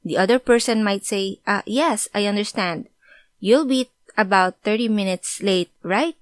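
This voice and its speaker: Woman language teacher, clear patient delivery, mid pitch, dry close sound. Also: moderate pace, no room sound. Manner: clear, patient explanation, switching into example sentences. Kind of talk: explaining grammar with examples.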